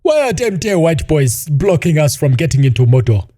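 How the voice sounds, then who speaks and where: A man voicing a loud, indignant male orc in a mocking, exaggerated way. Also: a little high, big pitch swings, normal speed.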